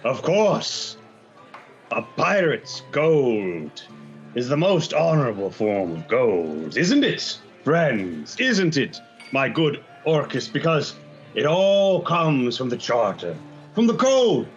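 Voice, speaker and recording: A man's voice: mid-range voice, sing-song, slow pace, soft background music. A man voicing a swaggering male pirate who gives grand, theatrical speeches in a tabletop game, on slightly dull audio. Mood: rousing.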